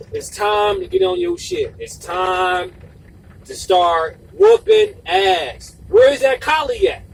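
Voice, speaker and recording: A man delivering an impassioned, profane video monologue, repeating himself for emphasis and sometimes shouting. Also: very high-pitched, vocal fry, far from the mic, rough recording. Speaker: video blogger.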